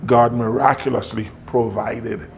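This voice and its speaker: A man pastor tells a story from the pulpit at an ordinary pitch. He chuckles through the telling and slips into voices when he quotes people. A faint noise sits under him. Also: measured pace. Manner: lively, laughs often, acts out quotes. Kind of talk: sermon storytelling.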